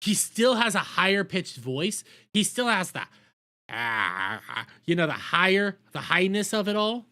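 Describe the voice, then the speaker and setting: A man's voice: high voice, animated, normal speed, few pauses, sharp tone. A young adult man giving profane, rambling reaction commentary as a video host.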